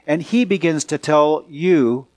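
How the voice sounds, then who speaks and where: A man preaching a Sunday sermon as a pastor, earnest and emphatic, slowing and speeding up for effect. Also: on the high side, darkish tone. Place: church sanctuary.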